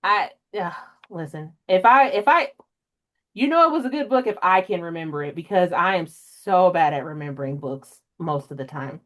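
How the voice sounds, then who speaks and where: A young woman hosting a casual book podcast, chatty and emotional, jumping way up in pitch when she acts out her own reactions. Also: normal speed. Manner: emotional, animated storyteller with big pitch jumps in quoted reactions. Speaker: podcast host. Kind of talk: casual chat.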